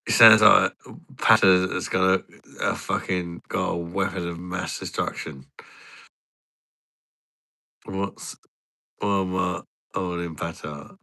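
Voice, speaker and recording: A giggly man chats casually with his viewers, swearing freely and wandering off topic. His voice is gravelly and low, with a bright, sharp edge. He talks at an unhurried, drawn-out pace. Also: fairly even intonation, no room sound, clean studio sound. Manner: giggly, swears a lot, rambling. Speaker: streamer.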